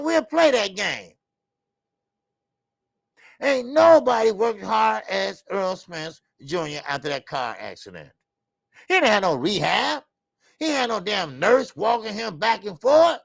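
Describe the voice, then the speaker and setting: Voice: medium pitch, vocal fry, no room sound. A boxing show host ranting in a heated talk-show style, fired up, repeating points and talking straight to viewers.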